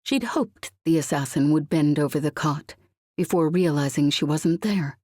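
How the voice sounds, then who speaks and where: A woman narrating a suspenseful science fiction audiobook in a measured, tense reading. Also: deep voice, a little mellow, no echo, studio quality.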